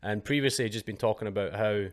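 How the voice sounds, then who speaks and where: A man's voice: on the low side, fast talker. Hesitant British podcast host man. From United Kingdom. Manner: hesitant, many fillers and restarts, casual slang. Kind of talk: casual interview chat.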